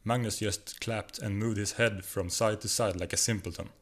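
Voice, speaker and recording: A man with a Swedish accent narrates a comic short story. His voice is low and his reading is steady and even. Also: moderate pace. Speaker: guest reader.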